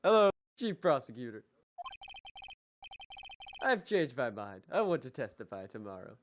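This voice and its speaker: A man's voice: mid-range voice, big pitch swings, unhurried, noisy background. Man doing a pompous villain with a British accent. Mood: smug. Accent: put-on British. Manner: grandiose, smug, theatrical. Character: pompous villainous rich businessman. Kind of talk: fan voice-over of a game.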